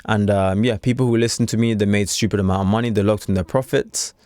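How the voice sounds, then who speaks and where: Low-voiced casual man. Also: steady tone, quick pace, a little mellow, dry recording, studio quality. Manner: chatty and repetitive, streetwise slang, frequent "do you understand". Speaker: trading coach. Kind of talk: casual unscripted talk to camera.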